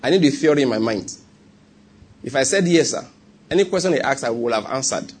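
A man's voice: medium pitch, lively intonation, brisk, breathy edge. A man with a Nigerian accent preaching a sermon and telling a personal story, often checking whether the congregation follows him. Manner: conversational, asks the congregation if they follow.

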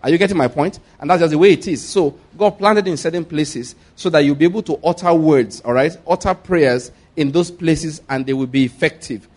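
A man preaching to his congregation in a voice pitched a little above the usual male range. He drives his points home by saying them twice and calling for the crowd to answer back. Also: brisk, hardly any pauses, a little mellow. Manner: repeats points and calls for congregation responses. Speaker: pastor. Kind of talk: sermon.

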